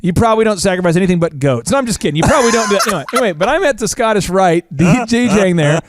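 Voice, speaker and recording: A man's voice: high-pitched, animated, heavy background noise. A man co-hosting a business podcast, telling stories in a joking, playful way and acting out the people in them. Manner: fast, playful storytelling with quoted voices. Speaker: podcast co-host.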